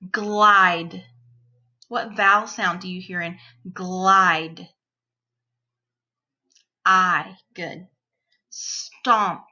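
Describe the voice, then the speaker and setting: Woman teacher for a children's phonics lesson: unhurried, crisp and bright, careful sound-by-sound delivery, slightly dull lo-fi recording. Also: fairly low pitch, steady tone. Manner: slow, clear, deliberate sounding-out of phonemes.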